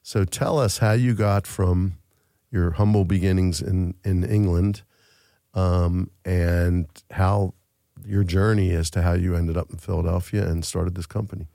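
A man's voice: low voice, steady tone, unhurried, gravelly, mellow, no echo. A middle-aged man hosting a talk show in a studio, rambling and joking with many fillers. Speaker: host. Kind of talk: casual chat.

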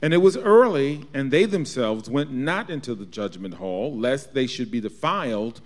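Man reading scripture aloud, lively pitch. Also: moderate pace. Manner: reads archaic verses steadily. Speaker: scripture reader in class.

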